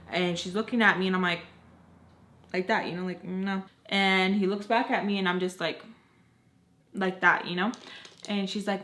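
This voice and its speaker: Young woman, casual storytime vlogger, acts out quotes, rants heatedly, mid pitch. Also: steady tone, unhurried, fairly bright tone. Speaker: beauty vlogger telling a story. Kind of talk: storytime vlog while doing makeup.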